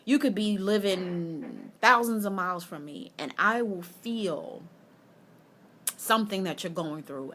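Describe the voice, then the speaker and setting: Woman coach vlogging to her viewers, chatty and encouraging, bit of background hiss. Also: mid-range voice. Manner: warm, chatty and encouraging, addressing viewers directly. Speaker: life coach. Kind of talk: casual motivational vlog.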